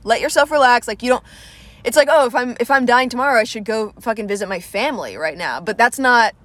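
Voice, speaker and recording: A woman's voice: fairly high pitch, fast, a bit bright, dry recording. Rambling young woman comedian, dry close sound. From Atlanta. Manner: rambling, self-deprecating, swears casually. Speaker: comedian and podcast host. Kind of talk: casual solo podcast monologue. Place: small room at home, lights went out.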